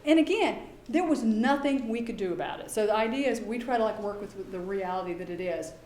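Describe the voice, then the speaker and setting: A woman giving a talk to parents as a behavior specialist. She is chatty and lively and often acts out quoted dialogue. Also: medium pitch, a little fast, roomy sound. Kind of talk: presentation to an audience.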